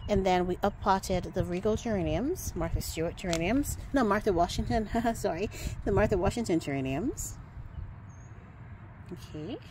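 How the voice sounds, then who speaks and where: Against a noisy background, a woman hosting an outdoor gardening vlog speaks at medium pitch and a moderate pace, with lively intonation. She chats casually to the camera, jokes at her own expense, and calls viewers beautiful people.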